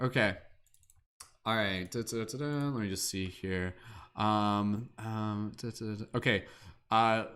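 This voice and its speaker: A man's voice: mid-range voice, fairly bright tone. Young male host, casual and rambling, lots of fillers and self-corrections. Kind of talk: casual improv game hosting.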